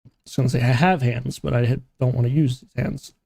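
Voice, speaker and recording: A man's voice: mid-range voice, steady tone, fast talker, gravelly, dark tone, slightly rough. A man streaming a game live, chatting casually, joking, humming and talking to himself as he plays.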